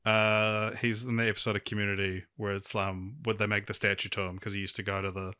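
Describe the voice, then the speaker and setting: A man's voice: fairly low pitch, level tone, fast talker, sharp tone, smooth, dry recording, studio quality. A man co-hosting a film podcast, speaking hesitantly with frequent restarts. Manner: hesitant, restarts a lot, laughs easily. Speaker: podcast co-host. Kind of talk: casual film-review chat.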